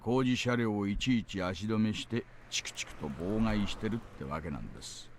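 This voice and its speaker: A man voicing a sly middle-aged male police detective in a visual novel, with a smooth, insinuating, knowing manner. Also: fairly low pitch, expressive, quick pace, close to an everyday voice.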